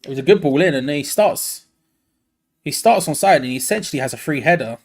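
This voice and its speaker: Young man, fan watch-along host, light voice, animated and exasperated. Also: on the high side, brisk. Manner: animated and excitable, laughing, frustrated groans. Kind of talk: live fan commentary.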